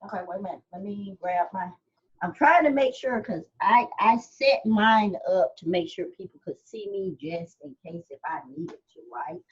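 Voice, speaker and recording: A woman's voice: medium pitch, lively intonation, moderate pace. A woman teaching from her home office over a video call, fiddling with her setup and often saying hold on, wait a minute. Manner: flustered, stop-and-start, keeps saying wait a minute. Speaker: instructor. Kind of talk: casual video-call class chat. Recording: muffled video call audio.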